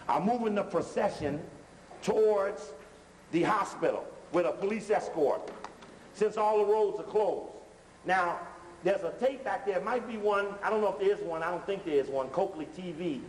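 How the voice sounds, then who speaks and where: A man with a high, lively voice lectures while stopping and starting a video, speaking in loose street-talk grammar. His voice rings out through a long hall reverb, with a faint hiss underneath. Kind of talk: lecture, talking over video playback.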